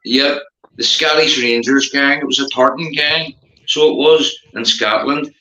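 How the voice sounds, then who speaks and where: A man's voice: mid-range voice, steady tone, measured pace, bright, forceful tone, a little hiss or hum. A man with a Belfast accent chatting casually on a live stream, rambling, swearing and laughing often. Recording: roomy, dull lo-fi sound.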